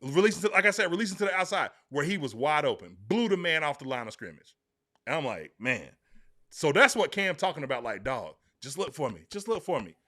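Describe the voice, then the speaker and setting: A man co-hosting a sports podcast, talking emphatically and excitably to his co-host. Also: on the high side, a little fast. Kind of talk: animated sports talk.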